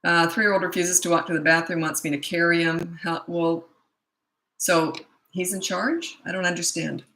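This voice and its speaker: Brief: middle-aged woman coach, firm and blunt, bright tone, lowish voice. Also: steady tone, moderate pace, poor audio. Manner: blunt, firm and matter-of-fact. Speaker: parenting coach. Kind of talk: casual Q&A advice talk.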